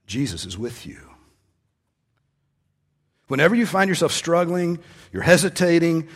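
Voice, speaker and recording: A male pastor preaching a sermon in a conversational way, rising to strong emphasis on key points. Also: on the high side. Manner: conversational preaching with emphatic rises, ending in soft prayer.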